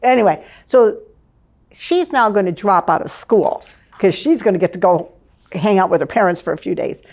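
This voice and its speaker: Older lady telling a funny old work story, lively, laughs a lot, normal pitch. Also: normal speed. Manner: lively, laughs often, vivid scene-setting. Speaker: former advertising manager, guest. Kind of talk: reminiscing storytelling in conversation.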